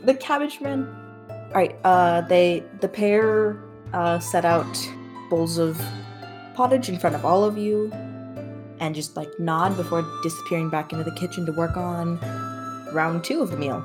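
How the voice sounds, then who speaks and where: Lower-voiced woman game master. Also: measured pace, over music. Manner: relaxed, giggly, voices characters. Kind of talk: narrating a tabletop game.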